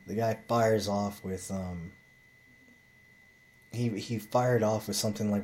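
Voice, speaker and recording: A man's voice: on the low side, steady tone, slow, pauses often, a little mellow, slight background noise. A man telling a rambling bar story in a blunt, profane, casual way, with frequent restarts.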